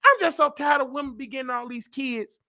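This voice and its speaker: A man with a Southern US accent hosting a comedic live-stream rant, loud and teasing, breaking into laughs and mock voices. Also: very high voice, brisk. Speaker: host.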